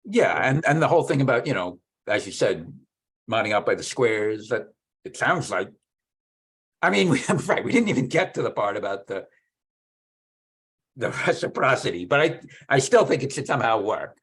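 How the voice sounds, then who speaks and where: A man in casual technical conversation, thinking aloud about mathematics, with halting restarts. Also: medium pitch, sing-song, a bit bright, husky. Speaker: mathematician discussing research.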